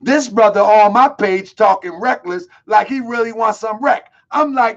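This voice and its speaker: Loud high-voiced streetwise man. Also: normal speed, vocal fry, few pauses, highs cut off. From Baltimore. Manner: loud, boisterous, streetwise banter. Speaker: online show host. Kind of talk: casual live-stream talk.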